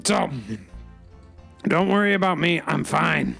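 Man, comic news-panel host, raspy fading voice, theatrical, high-pitched. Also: slow pace, fairly bright tone, soft background music. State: losing his voice. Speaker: host reading news stories. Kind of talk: comedic news-panel talk.

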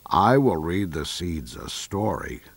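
A fussy, worried storybook toad with a low, slow voice that swings up and down, as a man puts him on. He sounds earnest and anxious, recorded dry and close. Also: big pitch swings, vocal fry, no room sound, heavily acted. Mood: fretful earnest. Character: fretful, impatient male toad, eager gardener.

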